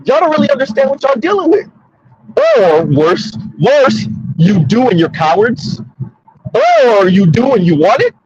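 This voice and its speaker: A man's voice: high voice, sing-song, a little slow, darkish tone, slightly rough, dry recording, dull audio. A man hosting a casual commentary monologue from his car, emphatic and repetitive, talking straight to listeners. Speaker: commentary host. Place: in a car on the road.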